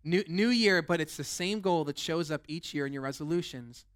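A man's voice: fairly high pitch, moderate pace, a bit bright, smooth. A young man preaching as a lead pastor, fired up and rambling, with many restarts and fillers. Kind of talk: energetic sermon.

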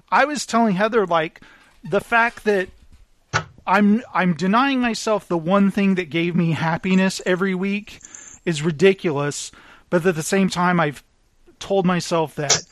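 High-voiced man animatedly telling movie stories. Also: a little slow, dry recording. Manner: animated storyteller, acts out film lines. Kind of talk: casual chat about movies.

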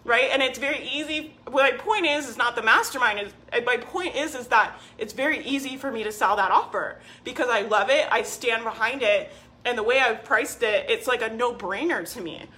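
A woman with a slightly high, bright, forceful voice coaching her audience on a live stream. She talks casually and persuasively, hammering her points home with constant "like" and "right?". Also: moderate pace. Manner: emphatic and persuasive, leans on "like" and "right?"; answers viewer comments by name. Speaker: business coach.

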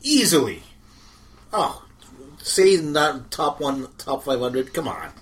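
A man's voice: fairly high pitch, sing-song, slow pace. A man co-hosting a casual chat podcast, arguing his points emphatically. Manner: emphatic, argumentative. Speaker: podcast co-host.

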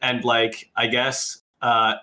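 A man's voice: mid-range voice, flat delivery, takes it slowly, bright, forceful tone. A young man who is a guest on a casual podcast, telling a rambling story in a bedroom. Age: young adult. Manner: rambling, many "like" fillers. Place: bedroom in a city apartment.

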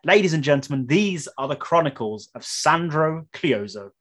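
A man's voice: on the high side, expressive, moderate pace, very noisy. A man co-hosting a podcast, chatting with enthusiasm and reading a guest introduction earnestly. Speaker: podcast co-host. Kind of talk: casual podcast chat and scripted intro.

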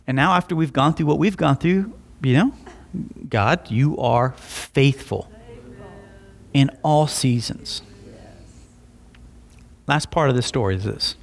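A young adult man preaching a sermon, telling stories with lively voiced asides. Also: medium pitch, slow, gravelly, long pauses. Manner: animated storytelling with voiced asides. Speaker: pastor.

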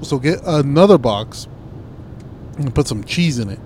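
A man co-hosting a podcast in crude casual banter, laid-back and giggly, his voice going up when he gets excited. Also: mid-range voice, a little slow, slight background noise. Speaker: podcast co-host.

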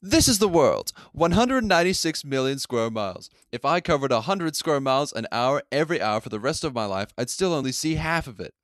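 A wry boy narrator from a sitcom, read by a man on a podcast. It stays deadpan and close to his own voice, with a lively swing of pitch. The recording is dry and close. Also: fairly quick, few pauses, no echo, close to an everyday voice.

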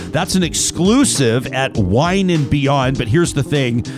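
A man hosting a talk radio show, chatting casually, reading listener messages and sponsor spots, often restarting his sentences. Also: a little high. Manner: conversational, frequent restarts and filler words. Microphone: studio microphone.

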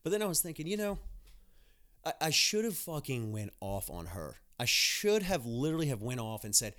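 A man's voice: medium pitch, sing-song, moderate pace, a bit bright. Blunt, profane young man ranting. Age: young adult. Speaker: podcast host, nurse. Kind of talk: casual podcast monologue.

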